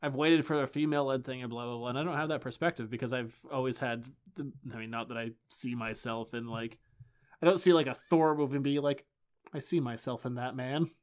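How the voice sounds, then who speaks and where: A man's voice: medium pitch, fast talker, clean tone. A man in his late twenties co-hosting a comics podcast, chatting casually and joking animatedly. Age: late 20s. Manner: joking, animated, laughs often. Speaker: podcast co-host. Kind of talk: casual chat.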